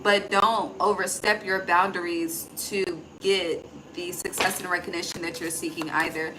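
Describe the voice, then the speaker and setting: A woman's voice: fairly low pitch, normal speed. Chatty woman giving a casual card reading. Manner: chatty, thinks aloud, swears, calls the listener honey. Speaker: intuitive tarot reader. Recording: steady background noise.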